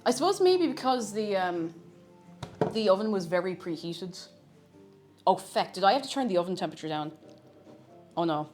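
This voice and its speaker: A woman's voice: medium pitch, big pitch swings, normal speed, pauses often, a little mellow. A young Irish woman streaming live as she cooks, chatting playfully with her chat and reading out messages. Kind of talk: casual live-stream chat while cooking. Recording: faint music in background.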